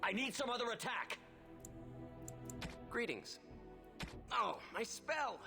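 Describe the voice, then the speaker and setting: A man's voice: extremely high pitch, expressive, slow, creaky, exaggerated voice. An actor playing a polite, composed male elf mage hero in a video game, speaking short formal remarks. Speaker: game character. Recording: game audio with long reverb and music.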